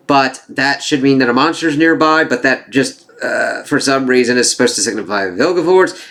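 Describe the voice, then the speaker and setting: A man giving a casual spoken review of a TV series, rambling and excitable, swearing freely as he goes. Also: mid-range voice. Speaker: TV show reviewer.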